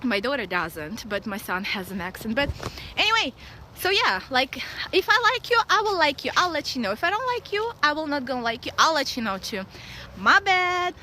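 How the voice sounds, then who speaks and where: A woman in her thirties with a Russian accent, talking blunt and excitable in a casual outdoor vlog, laughing often. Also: sits high, moderate pace, a little hiss or hum, poor audio. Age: 30s. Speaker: vlogger. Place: outdoors at a dog park.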